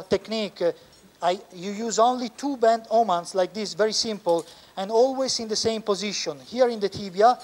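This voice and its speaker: A man with an Italian accent, a surgeon explaining a knee operation step by step as he works in the operating room, pausing often. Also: high-pitched. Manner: explains step by step, halting with frequent pauses. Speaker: orthopedic surgeon. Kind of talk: live surgical teaching demonstration.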